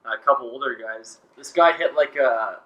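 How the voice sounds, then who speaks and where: A man's voice: medium pitch, a little fast, echoey room, distant mic, muffled recording. A man telling a funny story on a podcast with a dry, understated delivery. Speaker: guest. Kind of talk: casual storytelling.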